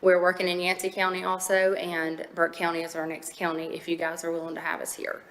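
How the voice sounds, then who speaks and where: A woman's voice: on the low side, monotone, fairly quick. A woman from a foster care nonprofit presenting to a county board in an informal way, with many fillers and restarts. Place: county board meeting room. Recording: echoey meeting room.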